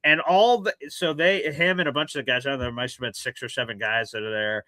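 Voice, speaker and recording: Bright, dry-voiced male radio host. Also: medium pitch, brisk, dry recording. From South Carolina. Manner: animated, acts out voices in his stories. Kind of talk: casual call-in storytelling.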